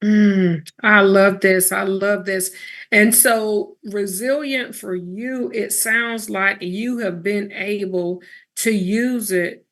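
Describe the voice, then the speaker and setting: A woman's voice: mid-range voice, fairly even intonation, slow pace, fairly bright tone. A woman hosting an interview, affirming her guest often with murmured agreement. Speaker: podcast host.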